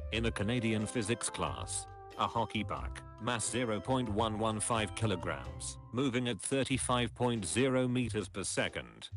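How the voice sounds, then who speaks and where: A man with a lowish voice reads meme captions aloud on a casual stream, his pitch swinging widely as he delivers each joke. Music plays clearly behind him. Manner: reads captions aloud, drops into deadpan low voices for punchlines. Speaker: streamer reading memes aloud.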